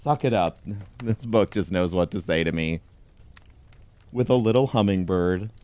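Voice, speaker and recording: A man reading a pun book aloud in a dry, deadpan comedic tone, chuckling along. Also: deep voice, normal speed. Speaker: comedy host.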